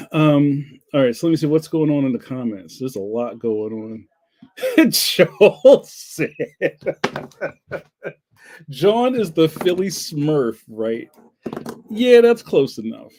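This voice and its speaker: A man's voice: on the high side, sing-song, slow pace, pauses often, a little mellow, slight background noise. A man, hosting a livestream and chatting casually through viewer comments in a rambling, jokey way with frequent laughs. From Philadelphia, US. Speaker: livestream host.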